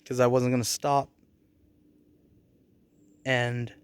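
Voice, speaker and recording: A man's voice: a little high, slow, dry recording. A man in his forties telling personal stories in a casual vlog, blunt and profane, rambling with bursts of anger. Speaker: vlogger.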